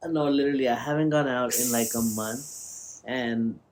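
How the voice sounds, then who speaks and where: A man's voice: mid-range voice, steady tone, normal speed. A man co-hosting a podcast, talking bluntly and swearing freely in casual chat. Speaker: podcast co-host.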